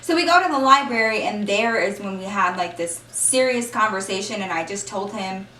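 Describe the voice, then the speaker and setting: A woman's voice: medium pitch, moderate pace, bright, forceful tone, a little hiss or hum. A woman vlogger telling a casual story, chatty, often saying y'all and acting out what people said. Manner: chatty, acts out quotes, says y'all. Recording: echoey room, mic at a distance.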